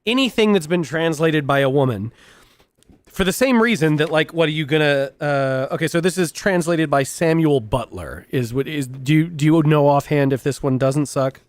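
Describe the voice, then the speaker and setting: A man's voice: fairly high pitch, normal speed, dry recording. A man hosting a live stream in casual chat, rambling, restarting his sentences and laughing often. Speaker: streamer host.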